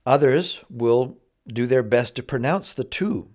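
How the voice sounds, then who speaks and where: A man teaching vocabulary in a slow, careful lesson, patiently drawing out each word for learners to repeat. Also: medium pitch, a little mellow. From Canada. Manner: patient, drawn-out word drills. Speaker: English teacher.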